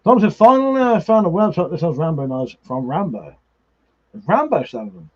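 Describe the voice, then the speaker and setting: Slightly high-pitched, with big pitch swings at a moderate pace, a drunken livestream host chats loosely, reads out comments from viewers, curses a lot, and laughs frequently, all through somewhat muffled audio.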